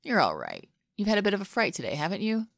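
A woman's voice: medium pitch, wildly swooping pitch, fast, creaky, no room sound, studio quality, exaggerated voice. A woman reading a tender, protective man. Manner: gentle, murmuring with a child. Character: adult man, protective godfather, tense but tender.

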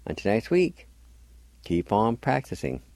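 A man's voice: lowish voice, wildly swooping pitch, measured pace, a little mellow, dry recording. A man teaching a language lesson on the radio, patiently spelling words letter by letter and sounding them out.

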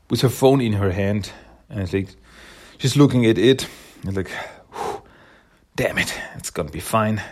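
Male comic reviewer, lowish, slow, hesitant, openly emotional. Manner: hesitant, emotional, many fillers and restarts. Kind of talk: casual spoken recap.

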